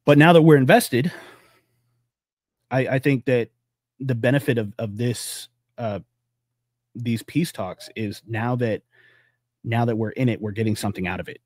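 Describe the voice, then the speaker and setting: A man's voice: normal speed, pauses often, a little mellow, dry recording, clean studio sound. A man co-hosting a podcast, chatting loosely and profanely and rambling about politics. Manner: loose, rambling, profane, acts out quotes in a high voice. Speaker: podcast co-host. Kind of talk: casual political chat.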